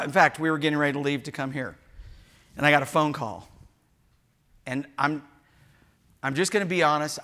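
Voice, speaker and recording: A man's voice: fairly high pitch, bright, forceful tone. A man preaching a sermon in church as pastor, candid and frank, with joking asides and quoted dialogue.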